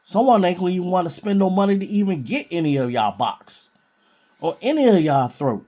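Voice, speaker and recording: A man's voice: high voice, expressive, fairly quick, dark tone. A man preaching informally from scripture in a blunt, scolding way.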